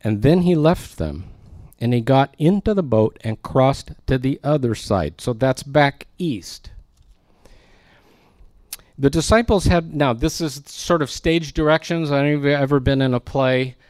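A man's voice: mid-range voice, lively intonation, unhurried, a little mellow, no room sound. A man preaching a verse-by-verse sermon in a conversational way, with joking asides to his congregation. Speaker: pastor. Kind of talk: expository sermon.

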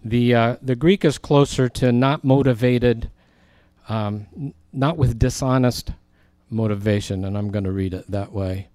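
A male pastor gives an earnest Bible teaching, his voice mellow and warm. He reads scripture lines with lifted emphasis, and the sound is close and dry with no room around it. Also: mid-range voice, unhurried, dry recording.

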